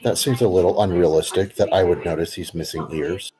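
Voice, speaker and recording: Male player, very low pitch, dark tone, dry humor, faint music. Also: fairly even intonation, fairly quick. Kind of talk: casual game chat.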